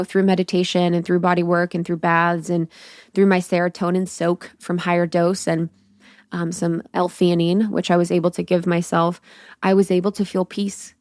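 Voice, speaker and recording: A woman's voice: fairly low pitch, a little mellow, no room sound, clean studio sound. A woman in her thirties hosting a solo podcast, telling a personal story candidly and expressively, swearing freely and acting out her own thoughts. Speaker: podcast host.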